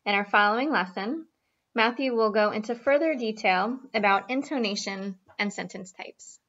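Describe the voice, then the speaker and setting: A woman's voice: mid-range voice, moderate pace, fairly bright tone. A woman giving a classroom presentation, reading a prepared script evenly. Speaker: student presenter. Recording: dull lo-fi sound.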